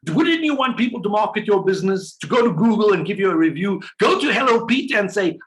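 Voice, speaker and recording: A male business coach gives a motivational sales talk in a slightly high voice, animated and brisk with few pauses. He pushes his points with rhetorical questions and does playful little voices for the people he quotes.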